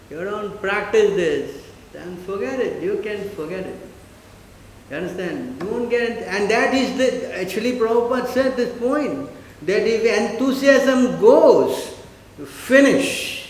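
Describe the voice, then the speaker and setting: Animated man lecturing. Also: sits high, a little slow. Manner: animated, rhetorical questions, mimics listeners. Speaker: spiritual teacher. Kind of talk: lecture with questions. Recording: echoey hall, faint noise.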